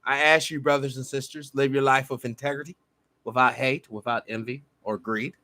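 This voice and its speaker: Fervent preacher-like man, bright voice. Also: mid-range voice, fairly even intonation, brisk, no room sound. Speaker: podcast host. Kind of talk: impassioned live-show monologue.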